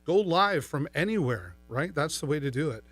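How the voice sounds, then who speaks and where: A man's voice: fairly high pitch, lively intonation, moderate pace, fairly bright tone, breathy edge, soft background music. A middle-aged man hosting a live shopping stream, chatting upbeat and playful as he demos a microphone and mixer. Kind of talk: live-stream product demo. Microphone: studio microphone through a mixer.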